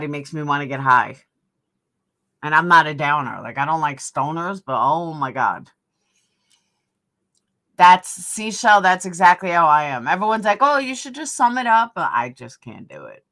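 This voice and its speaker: Middle-aged woman, New York accent, lowish forceful voice, blunt opinionated streamer. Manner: blunt, opinionated, reads out viewer comments. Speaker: livestream host. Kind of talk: casual live-stream chat.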